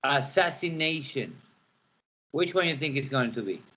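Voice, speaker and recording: A man's voice: mid-range voice, expressive, quick pace, sharp tone, husky. A man teaching an English pronunciation lesson, repeating words to model their stress. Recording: dull lo-fi classroom recording.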